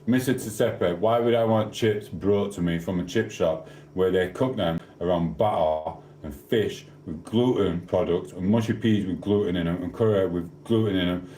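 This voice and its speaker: Deep and dark in tone, this livestreamer's voice moves at a moderate pace and carries a South Yorkshire, England accent. He chats casually in an echoey room, wandering off topic and teasing viewers about their comments.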